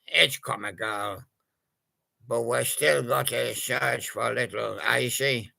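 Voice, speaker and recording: Slow gravelly man narrating toys. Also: medium pitch, bright, forceful tone. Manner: rambling and hesitant, full of pauses. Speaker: toy-story narrator. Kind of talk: casual improvised storytelling with toys.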